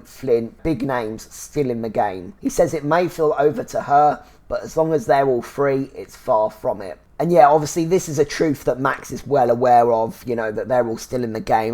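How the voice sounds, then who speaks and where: A man hosting a casual episode review, chatty and full of fillers, with bursts of excited exclamation. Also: medium pitch. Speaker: TV review show host.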